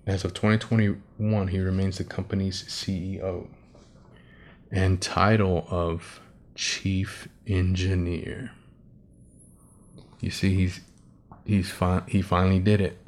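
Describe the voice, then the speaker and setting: A man's voice: fairly low pitch, a little mellow. A man hosting a casual commentary show, reading an article aloud, tripping over names, swearing and laughing at his own asides. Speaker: host.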